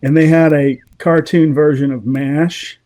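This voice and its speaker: A man, a guest in a casual interview, telling animated, opinionated stories and laughing often. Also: on the high side, a little slow.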